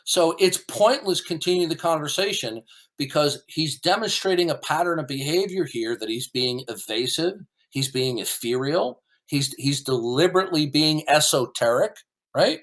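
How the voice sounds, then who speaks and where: A combative man hosting an online debate, his voice sitting a little high for a man. He argues in a dismissive, repetitive way, doubling words as he pushes each point. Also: expressive, moderate pace, fairly bright tone. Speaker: debate host. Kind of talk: heated debate commentary.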